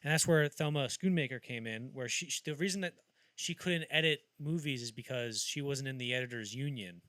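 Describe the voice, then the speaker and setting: A podcast host with a mid-range male voice, speaking a little fast in a dry setting with no room sound. He tells film-history stories in a casual, animated way, acting out the quotes as he goes.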